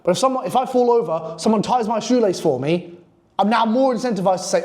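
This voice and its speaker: A man's voice: high voice, lively intonation, fast talker, darkish tone. A man coaching on copywriting in a blunt, profane, hyped-up casual monologue.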